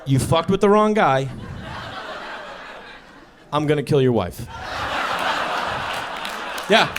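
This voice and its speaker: A man in his thirties doing stand-up storytelling on stage, acting out dialogue and shouting his punchlines. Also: fairly high pitch, lively intonation, a little slow, pauses often, music in the background, crowd noise. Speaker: stand-up comedian. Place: stage before a live audience.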